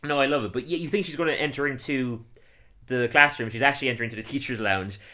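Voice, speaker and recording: A man casually recapping a cartoon episode, telling it with energy and laughing often as he slips into quick silly voices. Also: mid-range voice, pushed and bright. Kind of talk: casual chat.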